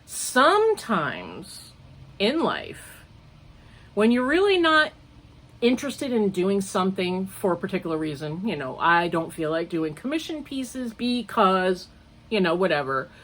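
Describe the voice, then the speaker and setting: A woman's voice: mid-range voice, sing-song, unhurried, a bit bright. An older woman hosting a crochet podcast, chatting casually in a rambling, digressive way and often laughing at herself. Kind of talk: casual chat.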